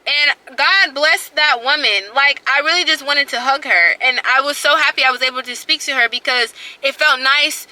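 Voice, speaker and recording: A woman with a high voice and a very bright, sharp tone tells a story to her vlog camera. She is emphatic and animated, acts out what other people said, and repeats lines to drive them home. Her talk is casual and chatty. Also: moderate pace, few pauses, poor audio. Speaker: vlogger.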